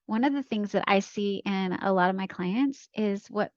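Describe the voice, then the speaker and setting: A woman's voice: mid-range voice, normal speed, no room sound, dull audio. A middle-aged woman, a coach and podcast guest, chatting casually and affirming often with "right" and "you know". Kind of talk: casual conversation.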